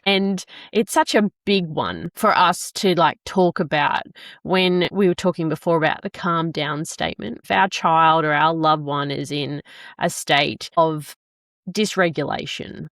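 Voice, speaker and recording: A woman's voice: sits low, unhurried, a bit bright, no echo, clean studio sound. A woman hosting a podcast, reflecting on her own experience as a parent and asking questions. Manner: reflective, shares personal experience. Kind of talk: conversational podcast talk.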